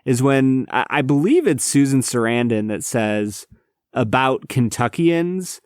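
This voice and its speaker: A man's voice: medium pitch, lively intonation, unhurried, a little mellow, clear, resonant tone, no room sound, clean studio sound. A young adult man co-hosting a podcast in a laid-back, reflective way, calling his friend man and dude. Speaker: podcast co-host. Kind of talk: casual chat.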